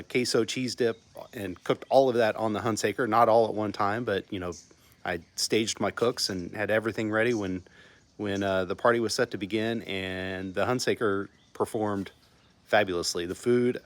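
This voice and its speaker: A middle-aged man from Texas hosting a casual barbecue vlog from home, rambling and restarting his sentences often. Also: lowish voice. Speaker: channel host.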